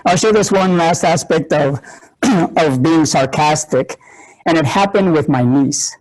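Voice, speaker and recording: A man's voice: on the high side, measured pace, a little mellow, soft background music, low-quality recording. A male ministry instructor who teaches through stories, joking and laughing at himself before an audience. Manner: humorous, laughs often, self-mocking. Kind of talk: teaching session with personal stories.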